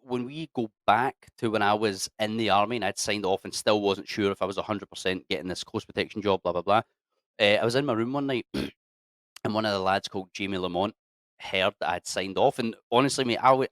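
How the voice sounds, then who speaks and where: With a lowish voice and a slightly fast delivery, an army veteran in his thirties talks through his past in a casual interview, recorded with no room sound. He often clears his throat, swears bluntly, and uses mate and lads.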